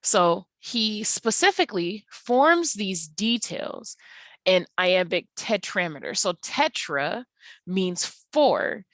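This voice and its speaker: A woman's voice: medium pitch, very animated, slow pace, a bit bright, no echo. A woman teacher talking through lecture slides, explaining patiently with frequent ums and uhs. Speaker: English teacher.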